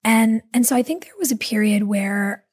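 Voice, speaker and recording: A woman guest in a casual interview, telling stories animatedly with quick asides. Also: a little high, darkish tone, breathy edge. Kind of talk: casual conversational storytelling.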